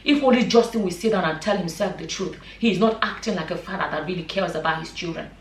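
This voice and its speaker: A woman's voice: fairly low pitch, fast, slight background noise. Passionate woman vlogger, roomy echo. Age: adult, a mother. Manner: passionate, emphatic, repeats points for stress. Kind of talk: opinion vlog commentary. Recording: echoey room, mic at a distance.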